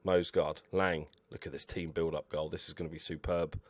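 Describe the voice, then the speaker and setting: A man commentating over his own football management game, excitable and swearing at his players. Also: rumbling low, normal speed, dry recording. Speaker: gaming YouTuber. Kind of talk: Let's Play commentary.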